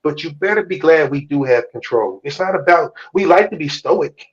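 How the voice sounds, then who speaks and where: A man's voice: on the high side, expressive, moderate pace. Blunt, profane man on a dull stream. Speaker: podcast host. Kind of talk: casual chat on a live stream.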